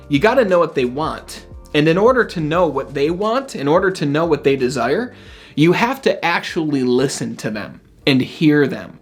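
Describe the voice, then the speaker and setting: High-energy man with a lively pitch. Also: husky. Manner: high-energy, conversational, checks in with "right?". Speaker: motivational speaker. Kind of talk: energetic self-help lesson.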